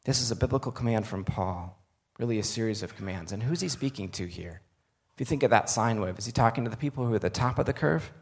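A man delivers a sermon in a somewhat low, gravelly voice. He moves between reading scripture and talking directly to his listeners in an earnest, conversational way. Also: quick pace. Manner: earnest, conversational asides to the audience. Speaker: preacher.

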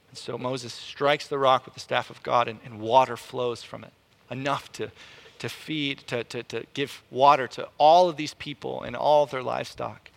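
A man preaching a sermon in an animated way, often repeating words as he restarts a thought. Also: normal speed, gravelly. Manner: animated, rises in pitch and volume to act out quotes.

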